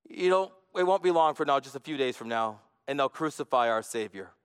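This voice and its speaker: A man preaching a sermon as a pastor, earnest, moving between hushed and emphatic delivery. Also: medium pitch, lively intonation, fairly quick, smooth. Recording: long reverb of a large hall.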